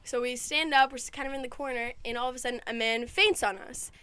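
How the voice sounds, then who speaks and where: Her voice a little high and her pace quick, a college-age woman animatedly relates a long story during casual podcast talk, leaning heavily on "like." A faint hiss or hum runs under the audio.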